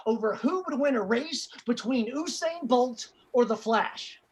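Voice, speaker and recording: A woman's voice: fairly high pitch, animated, unhurried, darkish tone, a little hiss or hum. A woman stand-up comedian telling brash, profane stories on a club stage into a handheld mic. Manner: brash, profane, punchy storytelling. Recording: live club with crowd laughter.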